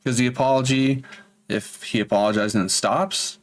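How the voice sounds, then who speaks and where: A man reading online posts aloud and chatting his reactions between them, with quick asides. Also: medium pitch, fairly even intonation. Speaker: reddit story reader and reactor.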